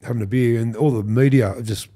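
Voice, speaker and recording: A man's voice: mid-range voice, fast, breathy edge. A man in his fifties with an Australian accent tells stories on a podcast. He acts out what other people said and swears freely in casual chat. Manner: animated storyteller who acts out quotes, swears and laughs. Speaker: podcast guest, former rugby league player.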